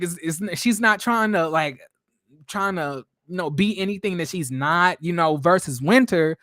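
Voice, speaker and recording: Young male streamer, high voice, dry close mic, rambling gossipy reality-TV commentary full of fillers. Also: fairly bright tone, dry recording. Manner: chatty, profane, laughing often, many fillers and restarts. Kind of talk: casual reaction commentary.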